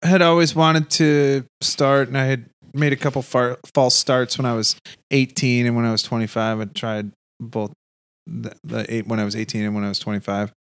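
A man's voice: medium pitch, flat delivery, moderate pace, a bit bright, clear, resonant tone, no room sound. Rambling man in casual chat, dry sound. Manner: rambling, trailing off, self-interrupting. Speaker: stand-up comedian.

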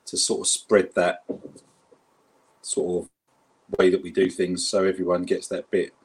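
South London bloke, husky low voice, rambling casual chat, co-host. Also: male voice, little pitch movement, a little slow. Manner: rambling, chatty, lots of fillers.

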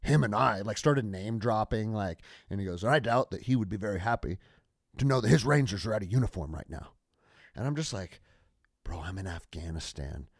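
Lively low-voiced male podcast host. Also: brisk, dry recording, studio quality. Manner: lively, profane, conversational. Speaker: podcast host, military veteran. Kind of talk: casual podcast conversation.

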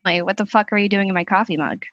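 A woman guest playing along in an improvised comedy scene, asking blunt deadpan questions. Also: medium pitch, fast talker, dry recording, lo-fi sound. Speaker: podcast guest.

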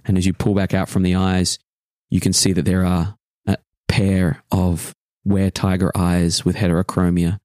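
A man narrating as game master of a tabletop game, describing a dream slowly with pauses. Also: low voice, completely flat delivery, a little mellow, dry recording.

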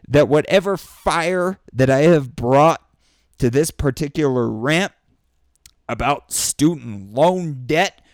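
A high-pitched man delivers a fast, profanity-laced rant, flaring into shouted outbursts. His voice is smooth and clear, recorded close and dry with no room sound. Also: lively intonation, no echo. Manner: angry, sweary, ranting with bursts of shouting. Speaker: vlogger. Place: indoors during a thunderstorm.

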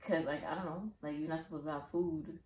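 Young woman co-host, lowish voice, blunt and profane, roomy echo. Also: fairly even intonation, a little fast, a little mellow. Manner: blunt, swears freely, hesitant fillers. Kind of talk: casual chat. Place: shared home.

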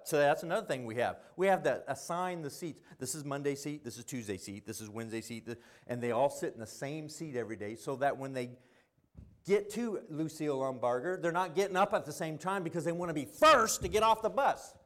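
A middle-aged man preaching a sermon, telling stories and swinging between quiet asides and loud emphasis. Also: a little high.

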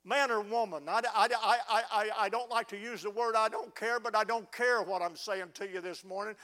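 A man's voice: sits high, moderate pace, hardly any pauses, pushed and bright. A middle-aged man preaching a fervent sermon, often stammering as he restarts words. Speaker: pastor. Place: church sanctuary.

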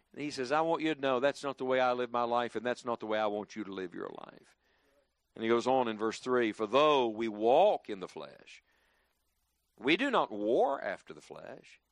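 Preacher, man, lively swooping delivery, slightly high voice, dry close sound. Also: dry recording. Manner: lively, rising and dropping emphatically, leading the congregation in call-and-response. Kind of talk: sermon. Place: church before a congregation.

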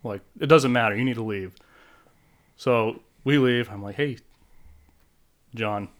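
A man's voice: mid-range voice, measured pace. A man co-hosting a podcast, telling a story casually with lots of fillers. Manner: rambling anecdotes with many fillers. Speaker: podcast co-host. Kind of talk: casual chat.

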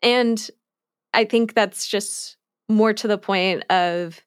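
Slow, chatty woman podcaster. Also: medium pitch, fairly even intonation, clear, resonant tone, no room sound, studio quality. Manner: chatty, many likes, frequent laughs. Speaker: podcast co-host. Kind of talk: casual chat discussing a cartoon episode.

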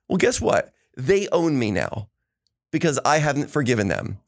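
A man hosting a casual podcast, telling animated stories and acting out the quotes of the people in them. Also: on the high side, fairly quick. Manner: animated storytelling with acted quotes. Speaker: podcast host.

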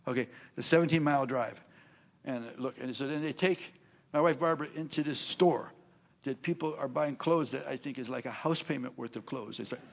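A man's voice: medium pitch, gravelly. An older man preaching a sermon, telling stories in a chatty way, laughing between lines and acting out the people he quotes. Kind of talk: sermon storytelling.

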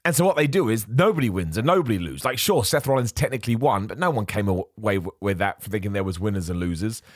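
Podcast guy, swoopy lively voice, dry close sound, keeps correcting himself. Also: on the low side, fast talker, dry recording. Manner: animated, self-correcting, mocks other voices. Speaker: podcast host. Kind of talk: casual wrestling opinion chat.

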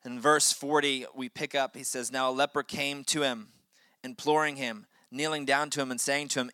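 Pastor guy preaching hard, bright forceful voice, up and down for emphasis. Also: mid-range voice, fairly even intonation, normal speed, smooth, dry recording, clean studio sound. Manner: impassioned preaching, voice rising and dropping for emphasis. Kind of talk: sermon.

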